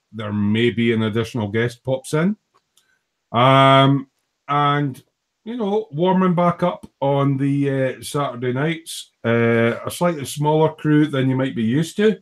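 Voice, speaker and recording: A man casually hosting a workshop live stream, rambling and friendly with lots of fillers, talking into a laptop mic. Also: mid-range voice. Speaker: livestream host, hobby model maker. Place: home workshop at his bench. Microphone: laptop built-in mic.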